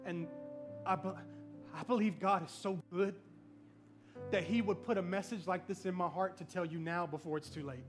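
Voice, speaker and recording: A middle-aged man preaching a sermon to a church congregation, telling stories in an animated, comic way. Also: sits high, normal speed, soft background music. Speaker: pastor. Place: church service before a congregation.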